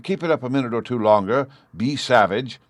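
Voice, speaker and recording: A man's voice: mid-range voice, a little fast, no room sound, voice pushed up, natural voice. A man reading an audiobook, voicing a testy, scornful husband who snaps and sneers. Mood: bossy. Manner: snappish and scornful.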